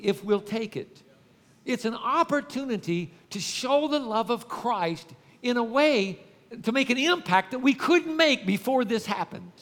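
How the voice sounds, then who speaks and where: A man's voice: high-pitched, fairly bright tone, long reverb tail. A male pastor preaching a conversational sermon, often calling out to the congregation and restarting his sentences.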